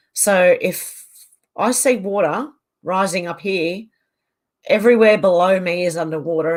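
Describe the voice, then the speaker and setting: Chatty Australian woman, lowish voice. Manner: chatty and rambling, reading out and answering comments. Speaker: livestream host reading viewer comments. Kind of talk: casual livestream chat. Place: home on a mountain.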